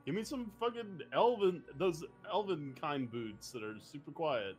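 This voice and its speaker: A man's voice: on the high side, lively intonation, measured pace, faint music behind. A man playing a tabletop game, chatting casually and joking with the table. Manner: joking, laid-back. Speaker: player.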